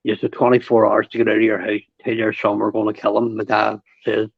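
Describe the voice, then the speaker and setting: A man's voice: lowish voice, little pitch movement, brisk, gravelly, breathy edge, no echo. A man, a guest on a podcast, telling blunt, sweary stories from home. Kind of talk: casual storytelling chat. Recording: dry, dull lo-fi podcast audio.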